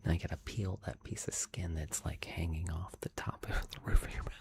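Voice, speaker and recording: Male ASMR streamer host: very low, gravelly whisper, chatty, laughs easily. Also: steady tone, fairly quick. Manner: soft whisper, chatty, laughs often, greets viewers by name.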